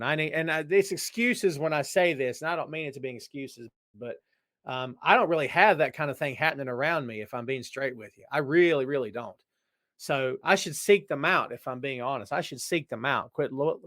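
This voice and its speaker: A man hosting a podcast and answering listener questions in casual, rambling chat that jumps to loud excitement. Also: on the high side, no room sound, clean studio sound. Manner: animated, jumps to shouting when excited; rambling, frequent restarts.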